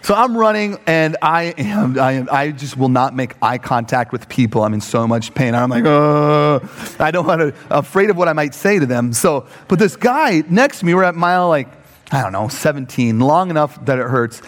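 A man preaching a sermon with comic stories, animated and given to high mock voices when quoting people. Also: normal speed, long reverb tail. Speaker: pastor.

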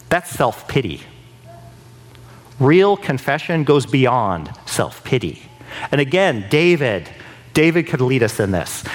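A man delivers a sermon with a fairly high, very lively voice that rises and falls a lot. He talks to his listeners in a chatty way, asking "right?" again and again. He slips into raised, pleading voices to act out prayers. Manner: conversational, keeps asking "right?". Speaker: preacher.

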